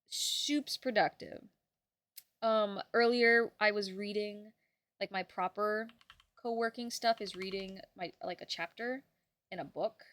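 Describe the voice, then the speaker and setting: Young woman streamer, bright and bubbly with casual swearing, dry close sound. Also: fairly high pitch, no room sound. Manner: bubbly, swears casually, quick mood swings. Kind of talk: casual chat with viewers.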